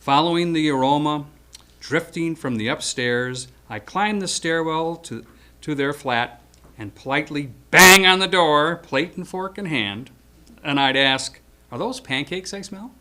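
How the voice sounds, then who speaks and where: A man's voice: a little high, unhurried, sharp tone, clean tone. A man around seventy reading a prepared eulogy for an old friend, hesitant at first and then telling stories with acted-out quotes.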